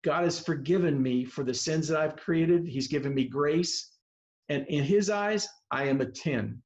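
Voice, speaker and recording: A veteran baseball coach, at least in his seventies, speaks at a measured pace in a voice on the high side. Over a video call microphone with muffled audio, he tells heartfelt stories from his life in an earnest, meandering way.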